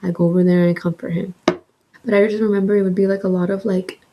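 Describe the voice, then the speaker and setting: A young woman vlogger telling a casual story with animated, swearing delivery, sometimes slipping into a soft breath. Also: mid-range voice, quick pace, lo-fi sound, background noise. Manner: animated, swears freely, acts out quotes.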